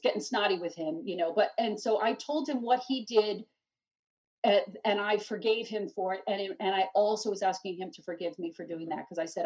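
Woman guest, earnest testimony; husky, dull distant lo-fi recording. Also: mid-range voice, brisk, a little mellow. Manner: earnest, with frequent restarts. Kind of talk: emotional personal testimony.

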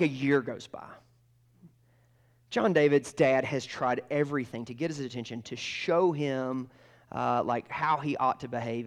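Preacher shifting from loud to whispered. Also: male voice, medium pitch. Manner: storytelling sermon that swings from loud to hushed, dropping to a whisper. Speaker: pastor. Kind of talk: sermon.

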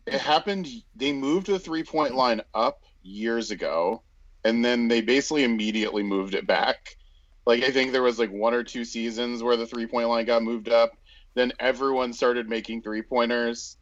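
A man's voice: mid-range voice, moderate pace, dull audio. A man in casual sports chat, rambling with many fillers and restarts.

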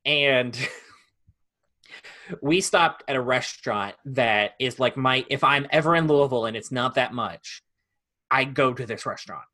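A young man co-hosts a podcast and tells stories with animated energy, laughing often and restarting his phrases. His voice has a bright, forward tone at a middle pitch. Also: unhurried. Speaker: podcast co-host. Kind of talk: casual storytelling chat.

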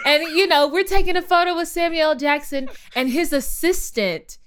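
A woman who is a stage performer, telling stories in a relaxed chat and laughing easily. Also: extremely high pitch, normal speed, slight background noise. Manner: laughs easily, expressive storytelling. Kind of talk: casual conversational storytelling.

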